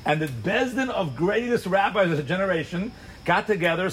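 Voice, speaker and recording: A man teaching a Torah class to a live audience, telling the story in an animated way, full of rhetorical questions and acted-out asides. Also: high-pitched, brisk, slight background noise. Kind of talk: sermon-style Torah class.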